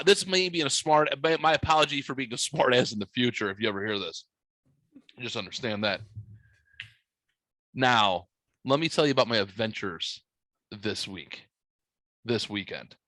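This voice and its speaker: A young man hosts a casual podcast, spinning a profane, wisecracking story. His voice is bright and forward, recorded dry and close with no room sound. He is at a middling pitch for a man. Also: moderate pace, long pauses, dry recording, poor audio. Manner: profane, joking smart-aleck storytelling. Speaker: podcast host.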